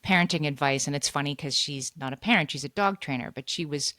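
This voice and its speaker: Low-voiced woman podcast co-host. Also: bright, forceful tone, dry recording. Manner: quick, agreeable, and full of quick affirmations. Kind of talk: casual chat.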